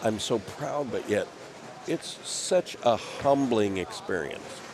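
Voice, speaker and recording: A man's voice: lowish voice, expressive, slow. A man who coaches college bowling, talking earnestly and humbly in casual chat. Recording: noisy background.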